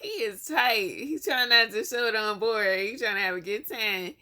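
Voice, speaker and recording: A woman's voice: on the high side, moderate pace, crowd noise. A woman giving teasing, playful voice-over commentary on a vlog. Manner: teasing, commenting on the people on screen.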